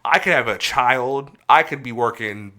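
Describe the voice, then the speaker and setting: A man's voice: medium pitch, normal speed. A man hosting a casual podcast, ranting animatedly with plenty of cursing. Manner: heated, profane ranting; animated storytelling. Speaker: podcast host.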